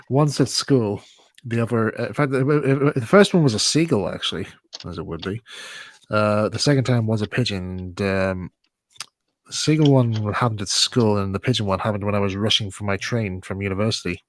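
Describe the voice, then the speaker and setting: A man's voice: fairly low pitch, normal speed. A young man hosting a casual live chat, telling stories with plenty of giggles and restarts. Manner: giggly, rambling storyteller. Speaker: host.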